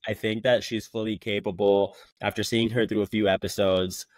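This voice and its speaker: Young male co-host, lower voice, loose rambling chat, dry mic. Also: little pitch movement, moderate pace, dry recording. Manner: loose, filler-heavy recap talk. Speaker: co-host, former contestant. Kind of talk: casual chat.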